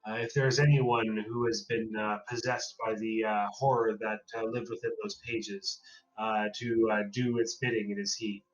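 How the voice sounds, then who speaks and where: A man voicing a composed, formal woman occult researcher in a tabletop horror game, speaking with a halting, hesitant manner. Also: fairly low pitch, level tone, close to an everyday voice. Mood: earnest. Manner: formal, hesitant speech full of "uh". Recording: distant, dull lo-fi mic.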